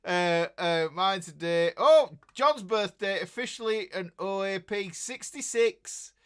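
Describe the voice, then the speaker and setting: Yorkshire guy, middle-aged, bit high-pitched, jokey rambling host chatting with his live viewers. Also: measured pace, clean tone. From Yorkshire, England. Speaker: guitar teacher hosting a livestream. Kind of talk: casual livestream chat.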